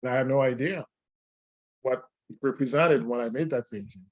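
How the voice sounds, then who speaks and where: Male guest, spiritual medium, mid-pitched, earnest conversational storyteller. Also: moderate pace. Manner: earnest, relaxed, with frequent restarts.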